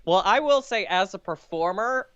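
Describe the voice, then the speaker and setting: A woman's voice: medium pitch, expressive, moderate pace, clear, resonant tone, dry recording, highs cut off. Comedian lady guesting, laughy and self-mocking, voice jumps all over, dry close sound. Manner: self-deprecating, laughs while telling stories. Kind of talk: casual chat.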